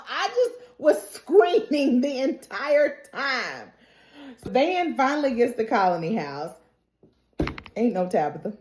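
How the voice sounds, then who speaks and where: A woman recapping a TV episode in a lively, casual, very reactive way. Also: high voice, slow. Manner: lively, colloquial, reacts loudly. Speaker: TV recap YouTuber. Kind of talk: animated show recap. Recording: roomy echo.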